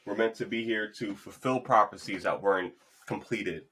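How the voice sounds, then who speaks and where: A man's voice: fairly low pitch, normal speed, a bit bright, slight background noise. A man hosting his own podcast, talking loosely and encouragingly in a rambling, upbeat monologue into a podcast mic. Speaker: podcast host. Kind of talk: casual motivational monologue.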